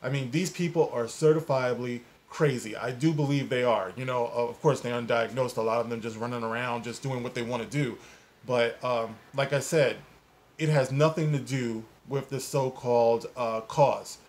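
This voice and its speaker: A man's voice: mid-range voice, fairly even intonation, moderate pace. A man hosting a commentary video, talking in an indignant, emphatic way and rambling with fillers as he sounds off on an online controversy. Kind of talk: opinionated casual commentary.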